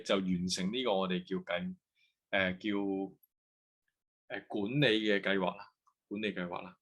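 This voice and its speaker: A man's voice: medium pitch, a bit bright. Hong kong guy lecturing, mixes english and cantonese, keeps saying ok, checks if the class follows. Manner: switches between English and Cantonese, checks in with "OK" and "得唔得". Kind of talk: university lecture.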